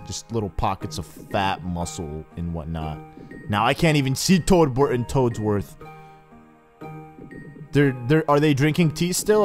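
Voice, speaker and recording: A man's voice: fairly low pitch, darkish tone. A man rambling through casual, joking gameplay commentary as he hosts a let's play.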